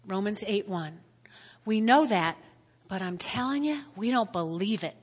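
A woman pastor preaching a sermon with strong emotion, swinging between loud exclamations and hushed whispers, at times close to tears. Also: medium pitch, animated, unhurried, breathy edge. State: tearful at times. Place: church hall. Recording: long hall reverb.

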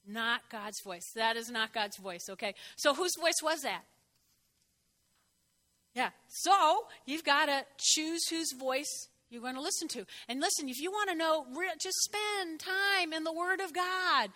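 Woman preacher, high voice, bright tone, conversational sermon, leads call-and-response, leaps up in pitch for emphasis. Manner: conversational, prompts the congregation to repeat phrases; expressive, jumps in pitch for emphasis.

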